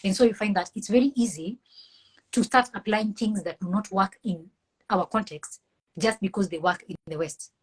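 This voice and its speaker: A woman's voice: medium pitch, breathy edge, rough recording. A woman with a Kenyan accent, a mental health professional speaking earnestly and passionately as an interview guest. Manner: earnest, impassioned, preachy. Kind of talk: conversational interview.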